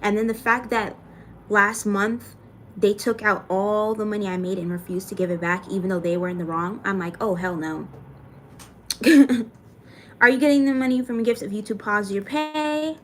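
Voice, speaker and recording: A woman's voice: mid-range voice, fairly even intonation, normal speed, fairly bright tone, slight background noise. A young adult woman chatting casually on a livestream, thanking viewers by name and swearing now and then. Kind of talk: casual livestream chat reading comments.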